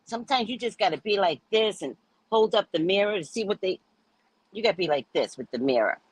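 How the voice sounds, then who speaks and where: A woman hosting a show, telling a story in a casual, animated way and acting out the people in it. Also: medium pitch, fairly quick, slightly rough, dry recording. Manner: animated, acts out quoted voices, laughs often. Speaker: podcast host.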